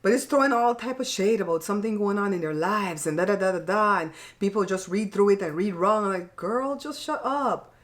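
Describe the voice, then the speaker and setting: A woman's voice: medium pitch, brisk, few pauses. A middle-aged woman hosting her own channel, chatting casually while she eats. She talks bluntly and frankly, swears lightly and laughs often. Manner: blunt and frank, plain-spoken with mild cursing. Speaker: channel host. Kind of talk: casual chat while eating.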